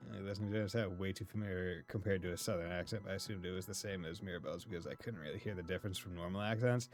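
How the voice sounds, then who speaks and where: A man's voice: sits low, rapid-fire, hardly any pauses, faint music behind. A man from Massachusetts with a Massachusetts accent, chatting casually and rambling as he streams a game, laughing often. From Massachusetts, USA. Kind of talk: casual chat while playing a game.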